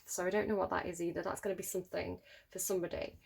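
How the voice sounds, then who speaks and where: A woman's voice: mid-range voice, quick pace, vocal fry, darkish tone, slightly rough. Musing woman tarot reader. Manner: musing, thinks aloud with many fillers. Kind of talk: tarot reading to camera. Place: home room near a road.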